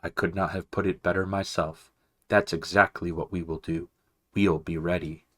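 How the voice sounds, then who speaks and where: A man voicing a kindly, calm male mouse abbot who speaks gently and measured in a storybook reading. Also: low voice, no echo, studio quality. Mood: approving.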